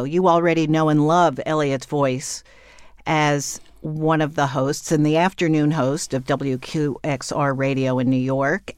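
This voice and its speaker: A woman hosting a podcast interview, chatty and quick with asides, laughing easily. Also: low-pitched, no room sound, studio quality. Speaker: podcast host. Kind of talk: conversational interview.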